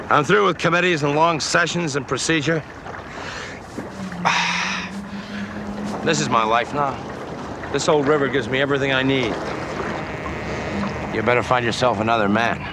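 A man's voice: medium pitch, unhurried, pauses often, close to an everyday voice. A man playing a weary tough guy, American accent. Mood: weary refusal. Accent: General American. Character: weary middle-aged man retired to river life. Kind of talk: parody blockbuster film scene. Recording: film clip with loud boat and water noise.

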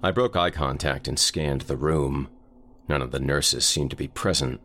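A man narrating a first-person horror story in a measured, deliberate way. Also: very deep voice, fairly bright tone, slight background noise. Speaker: voice actor narrator.

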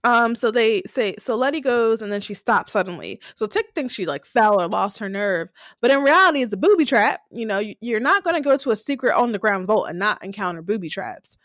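A young woman co-hosting a casual recap podcast, retelling scenes with lively acted-out quotes. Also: a little high, fairly quick, few pauses, no room sound, studio quality. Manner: animated retelling, acting out characters' lines. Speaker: podcast co-host.

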